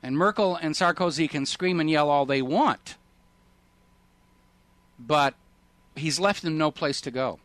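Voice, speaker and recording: A man's voice: a little high, measured pace, long pauses, a bit bright, no room sound. A man hosting a political talk radio show, speaking in an indignant, sarcastic and emphatic way.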